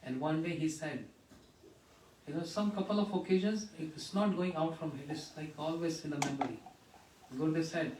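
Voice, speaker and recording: A man's voice: a little high, normal speed, slight background noise. Earnest man telling devotional stories. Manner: earnest storytelling, quotes his teacher, drops to a hushed voice. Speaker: speaker at a memorial gathering. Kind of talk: devotional talk with remembrance stories. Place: temple hall. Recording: echoey room, voice from far off the mic.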